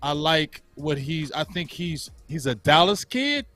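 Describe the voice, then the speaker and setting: A man co-hosting a casual sports talk stream, animated and full of slang. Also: fairly high pitch, over music. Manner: animated, slangy, quick to joke. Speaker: co-host.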